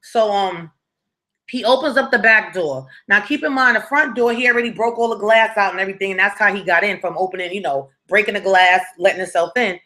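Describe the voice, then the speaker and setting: A woman's voice: medium pitch, fairly quick, sharp tone. A young woman telling a dramatic story from her past to her viewers in a casual, conversational way, often checking in with "right?" and "you feel me". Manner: dramatic and conversational, with frequent tag questions to the viewer. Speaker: storytime vlogger.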